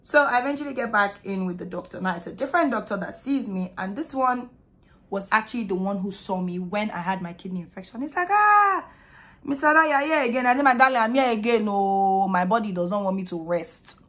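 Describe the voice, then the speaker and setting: A young Nigerian-accented woman vlogger chats straight to camera in a storytime video, expressive, animated and candid, using blunt slang. Her voice is mid-pitched and her delivery brisk.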